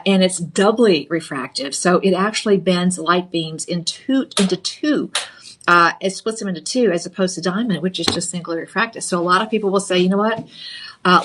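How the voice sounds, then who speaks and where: A middle-aged woman hosting a live home shopping show, giving a chatty, playful sales pitch and calling viewers honey. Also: fairly bright tone. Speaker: shopping channel host.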